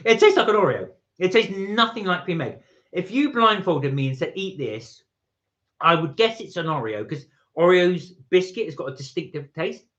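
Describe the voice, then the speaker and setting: A chatty man with a fairly high voice talks through a casual live stream. He rambles, reads viewer messages aloud and reacts as he goes. The stream audio is muffled and lo-fi. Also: very animated, normal speed, a bit bright.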